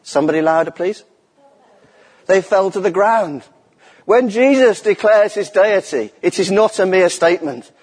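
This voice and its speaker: A man's voice: high voice, expressive, normal speed, a little mellow, husky. A middle-aged man preaching a sermon in a church, earnest and emphatic, repeating key phrases for weight. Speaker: lay preacher. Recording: echoey church hall with long reverb.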